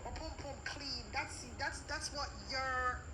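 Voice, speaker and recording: A woman's voice: sits high, fairly even intonation, slow. A woman, defending herself with exasperation in a clip from her own video. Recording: loud background noise.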